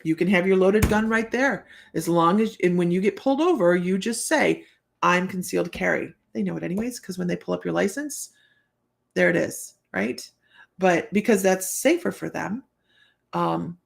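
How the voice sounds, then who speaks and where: Gravelly-voiced woman chatting on a live stream. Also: on the low side. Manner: rambling, chatty, laughs often, many fillers. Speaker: psychic reader and show host. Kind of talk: casual live-stream chat and storytelling.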